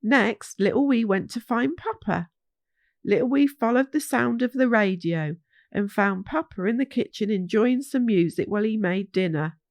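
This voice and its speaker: A woman reading a children's bedtime story aloud, slow and soothing. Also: fairly high pitch, darkish tone, no room sound, clean studio sound.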